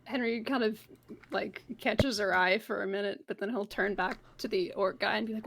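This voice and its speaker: A woman's voice: medium pitch, fairly even intonation, moderate pace, gravelly. A woman playing a tabletop game, describing her character with some hesitation. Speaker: player.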